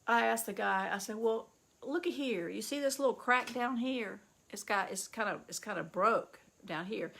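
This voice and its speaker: Gravelly, bright-voiced woman. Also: normal speed. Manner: excitable, chatty storyteller with bursts of high-pitched delight. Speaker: vlogger showing yard sale finds. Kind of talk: casual chatty vlog.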